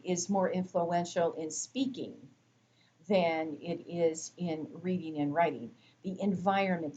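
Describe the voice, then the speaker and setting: A woman instructor giving a recorded lecture, explaining terms in a measured way with frequent fillers. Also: lowish voice, a little mellow, lo-fi sound, a little hiss or hum.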